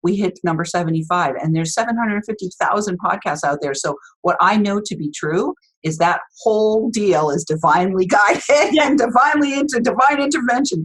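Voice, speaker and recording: A woman's voice: medium pitch, a bit bright, breathy edge, poor audio. A woman hosting a podcast, talking with enthusiasm and laughing as she speaks. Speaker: podcast host. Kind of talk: casual interview talk.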